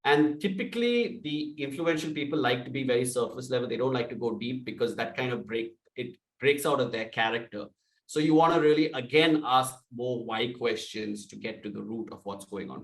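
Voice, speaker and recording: A man coaching salespeople, speaking loudly and with energy and acting out sample calls. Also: medium pitch, lively intonation, brisk, echoey room, recorded from a distance, low-quality recording. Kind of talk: sales training talk.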